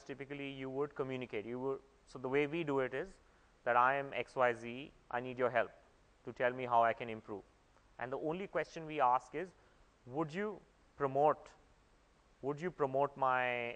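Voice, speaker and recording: Male conference speaker, mid-pitched voice, explains at length and restarts his phrases, heard in an echoey hall. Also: steady tone, moderate pace, a bit bright, muffled recording. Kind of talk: conference talk.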